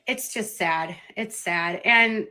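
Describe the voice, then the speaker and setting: A woman hosting a live stream, talking earnestly about a serious issue in quick bursts. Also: medium pitch, bright, forceful tone, poor audio. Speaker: livestream host. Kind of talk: serious commentary on a social issue.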